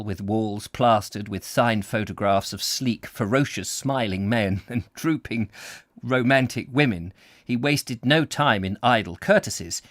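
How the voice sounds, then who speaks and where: A man's voice: fairly low pitch, dry recording, clean studio sound. A man reading a novel aloud in a casual way, often stumbling over words and apologizing. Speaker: audiobook reader. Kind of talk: casual read-aloud story narration.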